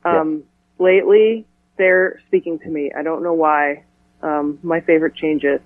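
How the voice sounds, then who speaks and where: A woman speaking as an actor guest in a casual interview, chatty and playful with quick asides. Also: deep voice, fairly even intonation, dry recording. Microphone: telephone. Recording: tinny dry phone line.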